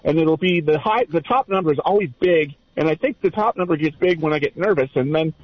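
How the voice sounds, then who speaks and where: A man's voice: a little high, brisk, no room sound, lo-fi sound. A man hosting a radio talk show, casual and asking questions.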